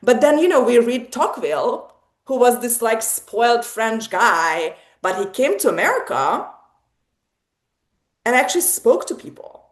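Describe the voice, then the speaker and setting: A woman leading a casual literary discussion, animated and digressive, often laughing and restarting her sentences. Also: a little high, unhurried, roomy sound. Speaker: salon host. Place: online video salon.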